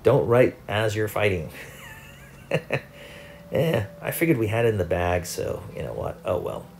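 A man's voice: fairly low pitch, big pitch swings, unhurried, gravelly, slight background noise. A young man, host of a gaming channel, giving chatty, self-mocking commentary over his own gameplay.

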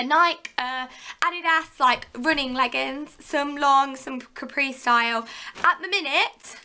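A woman's voice: high-pitched, pushed and bright. A young woman from England chatting casually to viewers as a fitness vlogger, full of fillers and asides. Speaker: fitness vlogger, personal trainer. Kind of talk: casual show-and-tell vlog.

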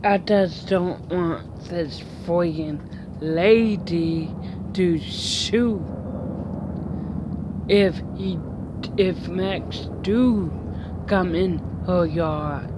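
A woman's voice: fairly low pitch, very slow, long pauses, noisy background. A woman vlogging outdoors at home in a casual, rambling chat full of fillers and restarts.

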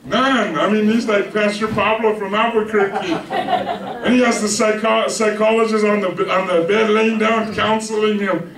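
A man's voice: high voice, fairly even intonation, moderate pace, distant mic, over a noisy crowd. A male pastor preaching a chatty storytelling sermon, often checking in with his listeners. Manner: chatty, keeps asking "you with me?". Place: church sanctuary with congregation. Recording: echoey church heard from afar. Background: congregation answering amen.

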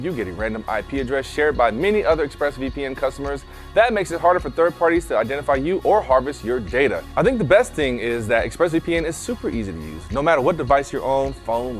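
A man, a host of the show, reading a sponsor ad. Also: mid-range voice. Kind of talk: read sponsor ad.

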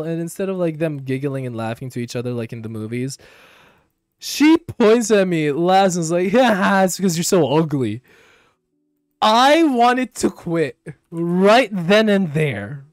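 A young man and streamer telling a story casually while gaming, slangy and profane, dropping to low mumbles and then bursting out loud. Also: no echo, studio quality. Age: young adult. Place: home room.

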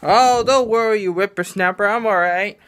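A man's voice: high-pitched, normal speed, a bit bright, pitched above the performer's own voice. A man voicing a frail, friendly old male hermit martial arts master in a raised, quavering old-man voice. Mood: cheery.

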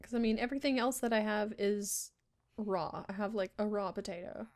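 A woman's voice: mid-range voice, moderate pace, a little mellow. A woman chatting casually with a friend while playing a video game, giggling often and trailing off mid-sentence. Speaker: game player. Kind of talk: casual co-op gaming chat.

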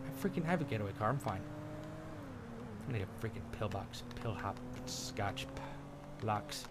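A man's voice: lowish voice, expressive, moderate pace, heavy background noise. A young man commentating over gameplay in a goofy, joking way, with mild swearing. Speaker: gaming video host. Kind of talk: let's play commentary. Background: game music and sounds.

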